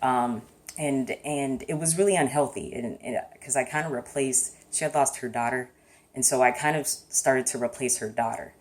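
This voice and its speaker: A woman with a strikingly deep, low voice speaks in a casual, reflective vlog. She talks thoughtfully and hesitantly, soft-spoken as she works through her feelings out loud. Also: moderate pace. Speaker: vlogger.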